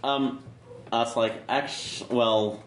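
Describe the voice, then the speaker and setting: A man playing in a tabletop game, speaking in a halting, hesitant way. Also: medium pitch, fairly even intonation. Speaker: player. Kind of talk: casual tabletop game chat. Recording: roomy with faint noise.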